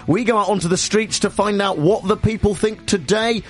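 A radio host with a voice that sits high opens his comic afternoon talk show at a moderate pace, rambling through sardonic banter.

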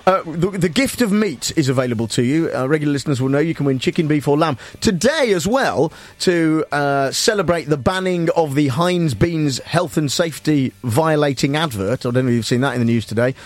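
A man's voice: fairly high pitch, expressive, a little fast, few pauses, no echo. A man hosting a radio show, joking dryly and laughing as he runs a game. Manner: jokey, dry, laughing often. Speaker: radio host.

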